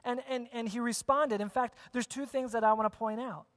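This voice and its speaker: A very high, slightly bright male voice, fairly even in intonation and a little fast, belongs to a pastor preaching in the sanctuary. He chats with the congregation, poses questions, and repeats key phrases, all under a long church reverb.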